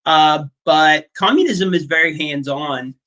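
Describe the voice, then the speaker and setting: A man's voice: fairly high pitch, a little slow, bright, forceful tone, muffled recording. A male teacher giving a casual classroom lecture, chatty and full of fillers, often checking in with "okay?".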